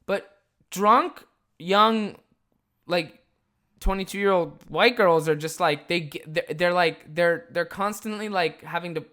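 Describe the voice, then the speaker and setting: A man's voice: high voice, slow pace, sharp tone. A young man hosting a podcast, telling a rambling, profane story in a casual way. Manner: profane, rambling, lots of filler words. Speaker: podcast host.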